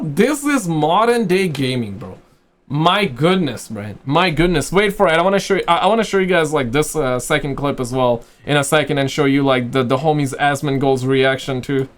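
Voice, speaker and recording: Dude ranting about game news, bro every other word, kinda high voice, mocking and exasperated. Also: male voice, moderate pace. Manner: animated, slangy, says "bro" constantly. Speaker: gaming commentator. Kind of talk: reaction commentary.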